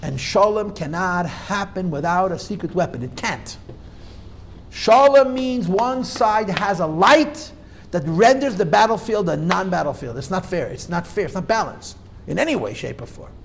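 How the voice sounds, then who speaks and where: Rabbi guy giving a torah class, high voice that jumps all over, hammers his points home. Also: lively intonation, moderate pace, gravelly, slight background noise. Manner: emphatic, argues back and forth with students; repeats key points for emphasis.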